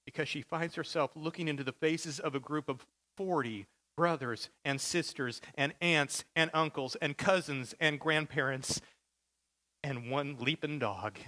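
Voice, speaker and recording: A man's voice: fairly high pitch, unhurried, bright, forceful tone. A male pastor preaching a sermon with vivid, dramatic storytelling.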